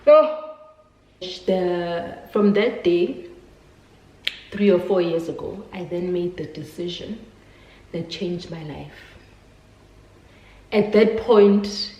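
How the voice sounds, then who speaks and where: A woman's voice: fairly low pitch, dark tone, echoey room, rough recording. A woman telling a personal story to her viewers in a candid, emotional way. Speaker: vlogger.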